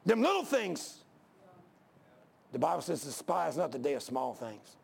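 An older pastor preaches in a high, gravelly voice. He is folksy and emphatic, circling back to the same point again and again. The voice carries in a church during a sermon. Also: very animated, unhurried.

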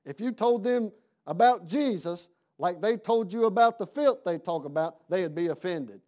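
A man's voice: high voice, expressive, normal speed, mellow. A man preaching a sermon in a folksy, conversational way, asking his congregation questions.

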